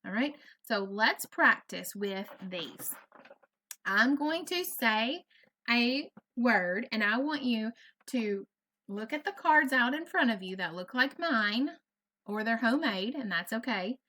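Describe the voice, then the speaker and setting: A woman's voice: a little high, expressive, takes it slowly, pushed and bright. A woman teaching an online first grade phonics lesson, patient and encouraging, carefully over-enunciating each sound. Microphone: computer mic on a video lesson.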